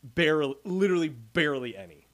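A man co-hosting a podcast in casual chat, a playful, animated storyteller. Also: on the high side, fast talker, crowd noise. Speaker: podcast co-host.

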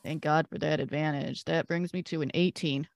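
Brief: female player, gravelly voice, blunt and profane, dry sound. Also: low-pitched, steady tone, moderate pace, dry recording. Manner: blunt, swears freely. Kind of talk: casual chat during a tabletop game.

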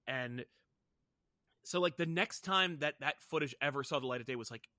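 A man's voice: mid-range voice, normal speed, pushed and bright, dry recording. A man in his thirties, a podcast guest, talking in a casual, rambling way with lots of fillers and restarts. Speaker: podcast guest, comics YouTuber. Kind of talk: casual chat.

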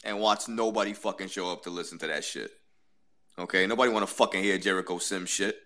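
A man's voice: sits low, steady tone, quick pace, bright, forceful tone. A man in a heated sports chat, scornful and exasperated, cursing freely.

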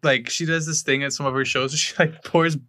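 A man's voice: a little high, fairly even intonation, a little fast, pushed and bright. A young man co-hosting a podcast, joking offhandedly in casual chat. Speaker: podcast co-host.

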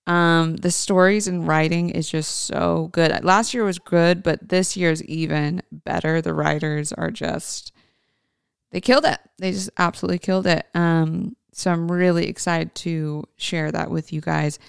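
A woman hosts a podcast at an unhurried, easygoing pace, her lowish voice edged with a gravelly fry. She keeps it chatty and informal, speaking straight to her listeners. The sound is close and dry, with a smooth, resonant tone. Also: steady tone, dry recording. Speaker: podcast host. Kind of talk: casual podcast chat.

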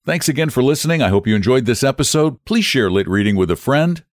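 A man hosting a podcast and reading a classic short story aloud in a steady, clear way. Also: mid-range voice, fast, no room sound, clean studio sound. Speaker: podcast host and narrator.

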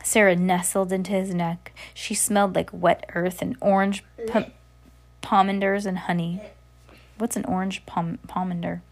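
A woman's voice: fairly low pitch, little pitch movement, moderate pace. A woman reading a novel aloud, chatty and correcting her slips, with casual asides. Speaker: audiobook reader.

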